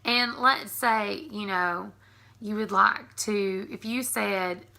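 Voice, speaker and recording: A woman's voice: mid-range voice, takes it slowly, gravelly, pushed and bright. A woman with a Southern US accent, casually reading a list of words aloud and stopping to chat about them. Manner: chatty, reads words aloud and stops to explain. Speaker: vlogger.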